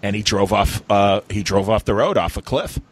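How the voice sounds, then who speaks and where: A man co-hosting a comics podcast, chatting casually and telling stories with quick voice impressions. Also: fairly low pitch, no room sound, rough recording. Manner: animated storyteller who slips into quick impressions. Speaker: podcast co-host. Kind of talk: casual chat.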